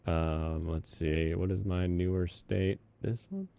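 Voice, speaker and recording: A man's voice: sits low, steady tone, slow, gravelly, warm tone, clean tone. A man chatting casually on a live stream, rambling between topics and humming to himself.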